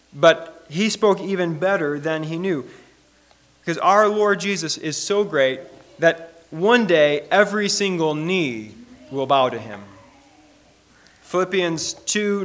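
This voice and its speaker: High-voiced man preaching a sermon. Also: sharp tone. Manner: earnest, emphatic preaching with slowed, stressed phrases; reads scripture aloud to the congregation.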